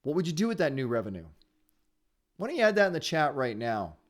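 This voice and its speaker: A man hosting a live online sales training webinar, talking fast in an upbeat, encouraging way. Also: a little high, big pitch swings. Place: his home area in Ontario.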